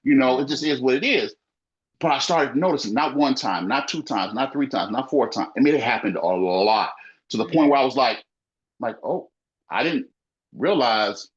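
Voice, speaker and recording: A man's voice: mid-range voice, lively intonation, fairly quick. A man who owns a small business talks in a casual podcast conversation, emphatic and repetitive, leaning on "you know,". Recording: muffled lo-fi audio.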